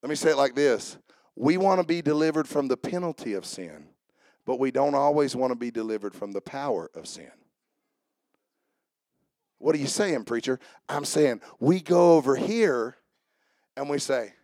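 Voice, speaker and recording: A man's voice: mid-range voice, expressive, normal speed, pauses often, a little mellow, no echo, clean studio sound. A man preaching a sermon as pastor, fervently asking the congregation questions and answering them. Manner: preaching with rising fervor and call-and-response questions.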